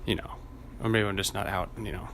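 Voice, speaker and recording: Brisk and gravelly, a fairly low, slightly bright voice with fairly even intonation carries this solo podcast rant, with a little hiss or hum behind it. The host is hot and sweaty, rambling, swearing freely and laughing at his own stories.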